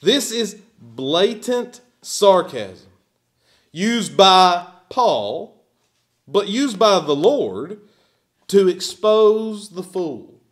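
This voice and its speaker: A man preaches a sermon in a church sanctuary. His voice sits a little high and moves through a very animated range. He pushes out sudden bursts of volume for emphasis. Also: very slow. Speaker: pastor.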